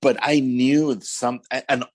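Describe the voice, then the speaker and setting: A man's voice: medium pitch, little pitch movement, slow pace. A man with a Southern California accent telling his testimony in casual storytelling style, acting out the voices in his quotes and filling with "man" and "right?". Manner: conversational, fillers like "man" and "right?".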